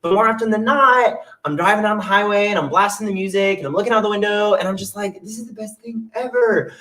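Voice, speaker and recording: A man's voice: high-pitched, fast talker, pushed and bright, recorded from a distance. A young man telling a funny personal story on stage in a chatty, self-mocking way. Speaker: solo stage performer. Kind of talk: storytelling monologue with songs.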